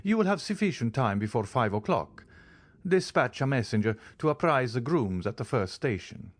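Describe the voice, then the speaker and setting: A man's voice: medium pitch, very animated, moderate pace, dry recording. A man reading as a composed aristocratic count. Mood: calm. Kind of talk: audiobook character reading.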